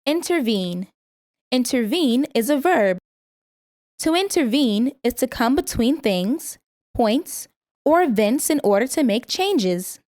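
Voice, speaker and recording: A woman reading a vocabulary lesson, saying each word, its part of speech, its meaning and an example sentence, and pausing for the listener to repeat it. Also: fairly high pitch, sing-song, a little mellow, no echo, clean studio sound. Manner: slow, careful word-by-word pronunciation. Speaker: vocabulary teacher.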